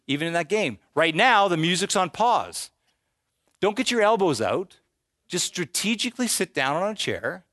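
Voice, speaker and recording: A man giving a live presentation on real estate investing to an audience, animated and joking, sometimes slipping into voices for the people he quotes. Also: a little high, no echo, clean studio sound.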